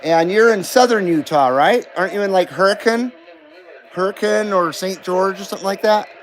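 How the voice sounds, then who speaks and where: A man's voice: high-pitched, normal speed, poor audio. A middle-aged man hosting a casual live stream, reading viewer comments aloud and bantering back, swearing freely. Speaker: livestream host.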